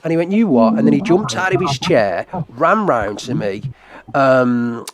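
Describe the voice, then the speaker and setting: A man's voice: medium pitch, big pitch swings, measured pace, a crowd in the background. A man arguing heatedly in casual chat, stumbling and repeating words as he retells a confrontation.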